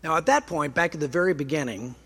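A man's voice: on the high side, fast, a bit bright, breathy edge. Man preaching with dry humor. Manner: conversational, dry self-deprecating humor. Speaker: pastor. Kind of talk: sermon.

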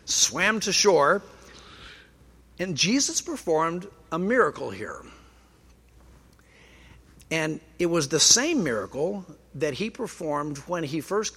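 Man, pastor, relaxed sermon, dry humor, slightly high voice. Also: slightly rough. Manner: conversational, dry self-deprecating humor.

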